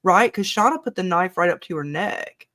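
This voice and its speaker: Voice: medium pitch, expressive, normal speed, sharp tone. A show co-host in a casual live episode discussion who talks bluntly, swears often and rambles between points.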